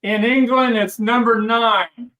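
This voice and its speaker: A man's voice: very high-pitched, fairly even intonation, measured pace, pushed and bright, distant mic, low-quality recording. A man in a casual podcast chat, reporting facts in a matter-of-fact way.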